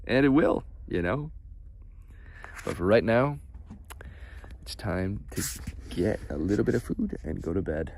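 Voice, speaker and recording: A man's voice: low-pitched, animated, measured pace, gravelly, pauses often, darkish tone, a little hiss or hum. A man chatting on a late-night livestream in a loose, awed and profane way, drawing out his words and laughing often.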